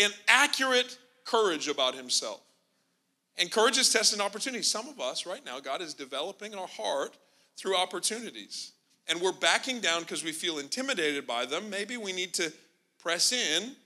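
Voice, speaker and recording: A man's voice: high-pitched, animated, normal speed, bright, forceful tone. A man preaching a sermon, telling a story with humor and acting out the characters' lines. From Canada. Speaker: pastor.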